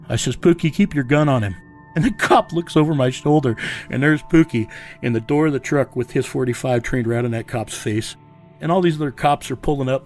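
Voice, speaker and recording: An American bounty hunter tells a tense story in a storytelling interview, speaking bluntly, swearing and acting out what other people said. His mid-range voice is creaky with a darkish tone.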